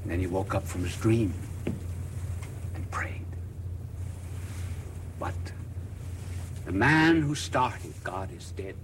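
A man preaching a sermon dramatically, rising to loud declaiming and dropping to whispers. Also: deep voice, very animated, takes it slowly, pauses often, slight background noise.

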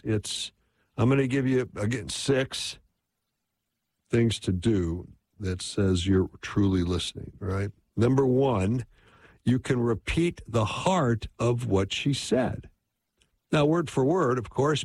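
A man's voice: medium pitch, animated, a little slow, a little mellow, no echo. A man teaching relationship advice in a casual, conversational way, often checking in with his listeners. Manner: conversational, constant "right?" check-ins.

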